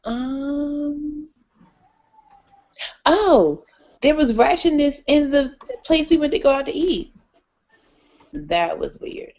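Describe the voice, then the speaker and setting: Woman yakking on a podcast, gravelly fry, voice jumps all over, kinda dull lo-fi sound. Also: sits high, slow, pauses often. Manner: animated storyteller, acts out quoted people. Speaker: co-host. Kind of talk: casual podcast chat.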